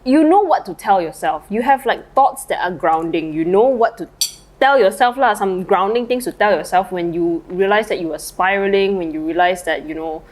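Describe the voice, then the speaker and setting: A woman's voice: medium pitch, normal speed, low-quality recording. A woman co-hosting a podcast in casual chat, rambling with lots of fillers, eating lunch and a little tipsy as she talks. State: eating while talking, slightly tipsy. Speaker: podcast co-host.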